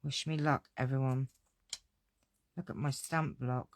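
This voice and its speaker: A woman's voice: very deep voice, fairly even intonation, measured pace, slight background noise. A woman running a live card-making tutorial at her craft desk, gushing and exclamatory as she talks to her viewers.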